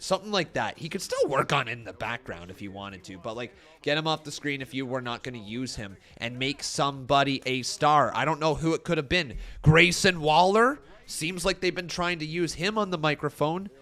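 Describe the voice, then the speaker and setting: A man's voice: medium pitch, pushed and bright. A man casually reacting to wrestling on a live stream, reading chat messages aloud and rambling with frequent laughs. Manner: joking, laughs often.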